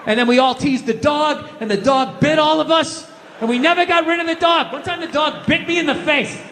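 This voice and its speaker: A middle-aged man rants through a stand-up set, his high voice climbing into shouts. His tone is bright and forceful, and a long hall reverb trails behind the handheld stage mic, with faint ambience under it. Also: fairly quick, slight background noise. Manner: loud ranting delivery with frequent shouting. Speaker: stand-up comedian. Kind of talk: stand-up comedy rant. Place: theater stage before a live audience.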